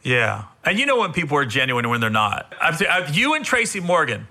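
A man hosting a casual interview, telling stories in an animated way and laughing often. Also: on the high side, a little fast. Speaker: podcast host.

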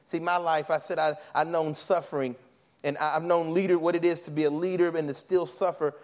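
A man's voice: fairly high pitch, flat delivery, a little fast. A man preaching a sermon with a slightly raised voice. He delivers it animatedly, acting out biblical characters and his own inner voice. He stumbles and restarts often as he goes. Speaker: pastor.

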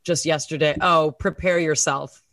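A woman's voice: low-pitched, steady tone, normal speed, a bit bright, no echo. A woman guest in an interview, speaking candidly and with self-deprecating humor, laughing often and using lots of "like" and "you know". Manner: frequent "like" and "you know" fillers. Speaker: guest, actress and podcaster.

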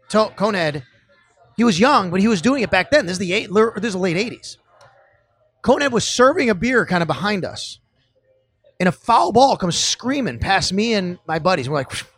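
A middle-aged man from Buffalo, telling old sports stories with growing excitement on a casual podcast. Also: high-pitched, dry recording. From Buffalo area. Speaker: podcast guest. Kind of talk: casual storytelling chat.

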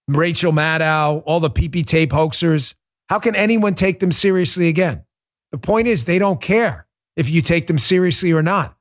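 A man hosting a political commentary show, delivering a heated, emphatic monologue. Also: on the high side. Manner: fiery, emphatic, repetitive ranting.

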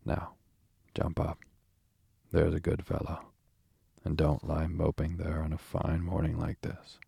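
A man's voice: very deep voice, monotone, creaky, warm tone, husky, dry recording, exaggerated voice. A man reading the part of a cheerful, practical water rat who talks heartily to his friend. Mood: hearty. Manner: hearty, brisk.

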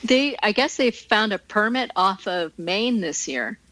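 A woman's voice: medium pitch, animated, a little slow, fairly bright tone, no room sound, rough recording. A woman talking casually as a guest, telling fishing stories with frequent laughter. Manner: chatty, laughs often, storytelling. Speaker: guest angler. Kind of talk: casual interview chat.

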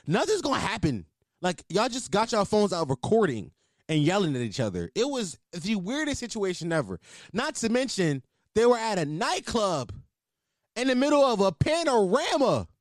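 Young man, podcast host, high lively voice, dry close sound, profane comic riffing. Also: moderate pace, no room sound. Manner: animated, profane, laughing riffs. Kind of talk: casual comedic commentary.

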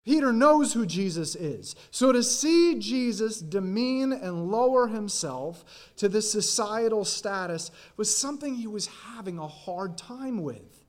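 Slow, high-voiced preaching pastor. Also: male voice, animated. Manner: earnest, dramatic voicing of quoted lines. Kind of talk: sermon. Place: church sanctuary.

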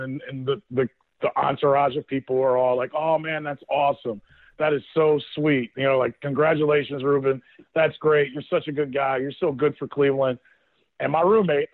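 On a call-in show, a guest who used to play football, a man in his thirties, spins a loose, animated tale full of laughter and quoted lines from others. His pitch runs fairly high. The audio is dry, carried over a thin telephone-style line without any room sound.

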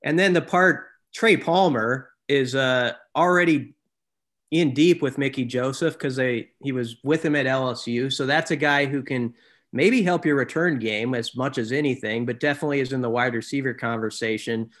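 Casting note: mid-pitched male co-host, relaxed, rambling, self-correcting delivery. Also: moderate pace. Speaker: sports talk co-host. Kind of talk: casual sports chat.

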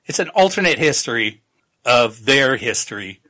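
A man's voice: medium pitch, animated, normal speed, bright, forceful tone. A man hosting a podcast, casually recapping a novel in a rambling, jokey way with plenty of swearing. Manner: rambling, jokey recap full of laughs and profanity. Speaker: podcast host. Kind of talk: casual book-club chat.

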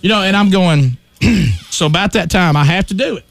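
Animated man telling a story. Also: sits high, normal speed, creaky. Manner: animated storyteller, acts out his own shouts. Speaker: radio show host. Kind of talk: storytelling on a talk radio show.

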